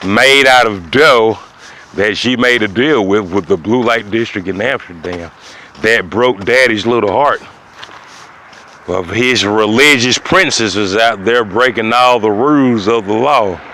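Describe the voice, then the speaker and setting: A man hosting his own show, delivering a rambling comic monologue in a preachy, repetitive way that swings from loud to muttering. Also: medium pitch, a little hiss or hum. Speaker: show host.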